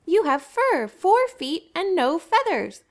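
A woman voicing two tiny, frightened baby ostrich chicks in a children's storybook, high and squeaky. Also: sing-song, slow, exaggerated voice. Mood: scared.

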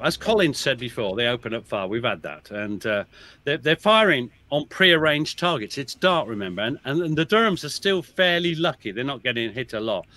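A man's voice: medium pitch, bright, forceful tone. A man talking as a guest oral historian in a podcast, telling soldiers' stories with relish, chuckling often and restarting his sentences. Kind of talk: animated storytelling in a podcast chat.

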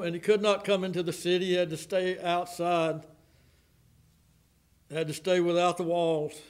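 A man with a Southern American accent preaching a sermon in a church, swinging from loud outbursts to hushed, slowed lines. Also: sits high, level tone. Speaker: pastor. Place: church sanctuary.

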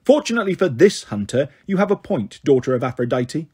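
A scornful, regal queen goddess from a storybook reading , voiced by a man. The voice is husky and sits fairly high, commanding and cold. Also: sing-song, fairly quick, darkish tone. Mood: haughty. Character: haughty imperious queen goddess, female, ancient.

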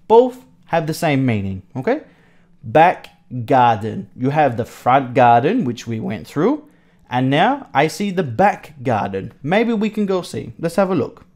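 A teacher leads a vocabulary lesson for young children, taking a house tour one item at a time. The delivery is unhurried and deliberate, with each word said over and over. The pitch moves a lot, and the teacher checks understanding and praises answers often. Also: a little mellow. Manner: repeats each word slowly, asks checking questions. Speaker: English teacher for young pupils.

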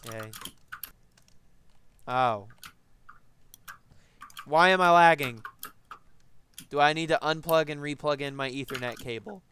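A man's voice: fairly high pitch, unhurried, long pauses. A man playing a game with a friend over a voice call, mocking him wryly while they play. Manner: wry, mocking teammate. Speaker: gamer in a voice call. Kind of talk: casual gaming banter. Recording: clear hiss and keyboard clicks.

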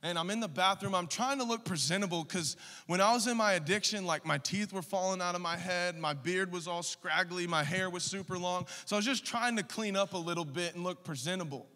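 Thirties male pastor, passionate and forceful, in a reverberant church hall. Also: high voice, fairly quick. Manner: passionate, swings from quiet storytelling to loud urging. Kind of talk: sermon. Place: church sanctuary.

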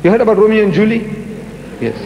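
A high-voiced man lectures an audience in a large hall, hammering points home with emphatic repetition. His voice rings with a long, echoing reverb. A faint hiss runs under this archive recording. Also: fast talker, lo-fi sound. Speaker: lecturer answering audience questions. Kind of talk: public lecture Q&A.

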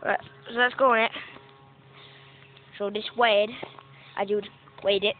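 A woman's voice: mid-range voice, steady tone, unhurried. A young woman vlogger giving casual, self-mocking commentary while walking around outdoors playing a mobile game, swearing now and then. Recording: tinny phone-like audio with faint noise.

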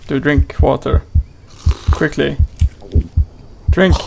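Guy doing a let's play, gravelly voice, slow and jokey, yells at the game a lot. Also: fairly high pitch, level tone, a little hiss or hum, rough recording. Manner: playful, exclaiming, talks to the game character. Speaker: gaming channel host.

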